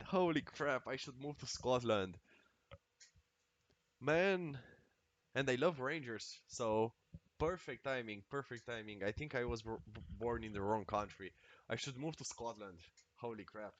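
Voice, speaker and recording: A man streaming a video game, talking casually and excitably with lots of swearing and exclamations. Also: mid-range voice, a little slow, no echo. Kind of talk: casual live-stream commentary while playing.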